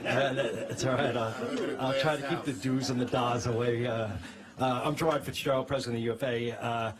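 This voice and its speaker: A man's voice: mid-range voice, fairly even intonation, a little fast. A man with a Brooklyn accent, a firefighters' union president, giving a press conference speech with many fillers and restarts.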